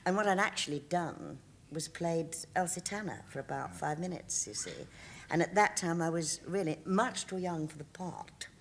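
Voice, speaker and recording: A woman's voice: lowish voice, animated, moderate pace, gravelly, slight background noise. A woman in her sixties, a guest on a TV talk show, telling stories in a chatty way and laughing often. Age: 60s. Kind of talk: casual chat. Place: TV studio.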